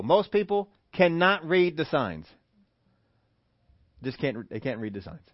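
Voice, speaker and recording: A man preaching a sermon, animated, who acts out the voices he quotes. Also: fairly high pitch, measured pace, pauses often, no echo, highs cut off. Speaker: pastor.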